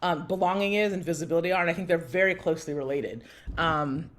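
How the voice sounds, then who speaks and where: A woman in her thirties co-hosting a podcast, telling a story in lively conversation and acting out the voices of people she quotes. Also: fast talker. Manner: animated, acts out quotes with big pitch jumps. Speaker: podcast co-host.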